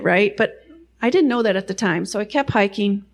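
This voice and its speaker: Woman, middle-aged, faith testimony, conversational, self-deprecating, mid-pitched voice. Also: moderate pace. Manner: chatty, self-deprecating, many "you know" asides. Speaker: guest sharing a faith testimony. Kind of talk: personal testimony storytelling.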